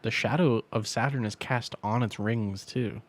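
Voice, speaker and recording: A man's voice: fairly low pitch, a little slow. A man co-hosting a casual podcast chat, joking dryly and teasing while swearing. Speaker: podcast co-host.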